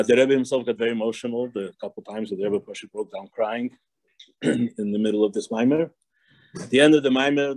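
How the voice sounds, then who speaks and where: Recorded with no room sound, this rabbi speaks in a mid-range, darkish voice while teaching a casual class. He drifts from story to story, frequently laughing softly and starting over.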